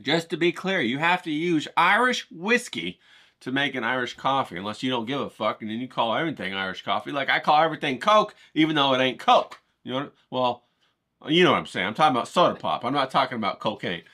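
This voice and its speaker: A man's voice: mid-range voice, expressive, fairly quick, pushed and bright. A middle-aged man vlogging outdoors in a hyped, rambling way, swearing casually and talking straight to his viewers. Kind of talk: casual chatty vlog talk. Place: outdoors, cold day.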